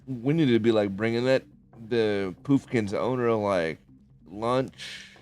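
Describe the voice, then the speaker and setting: Wry man making quick asides. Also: on the low side, a little mellow, clear, resonant tone. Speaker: player. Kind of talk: casual tabletop game chat.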